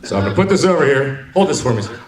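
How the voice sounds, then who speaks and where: A man's voice: medium pitch, very animated, very fast. A man in his forties doing a stand-up set at a bar, joking and teasing the crowd. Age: 40s. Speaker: stand-up comedian. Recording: echoey hall, mic from far, crowd.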